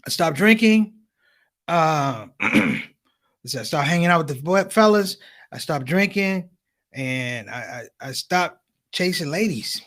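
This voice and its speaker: Male stand-up comic, high-pitched, very lively delivery, addresses crowd directly. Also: slow. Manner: animated storytelling, addresses audience as brothers and sisters. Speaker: comedian. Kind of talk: stand-up comedy.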